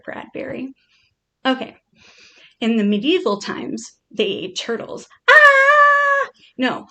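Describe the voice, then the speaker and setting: A woman's voice: mid-range voice, creaky. A woman chatting playfully to her pet, reading out odd facts in a casual, joking way.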